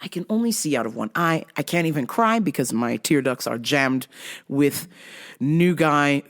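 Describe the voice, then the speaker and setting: A woman's voice: deep voice, lively intonation, normal speed. A woman hosting a podcast, telling a comic story in a profane, exasperated way and laughing at herself. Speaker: podcast host. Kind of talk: comedic storytelling.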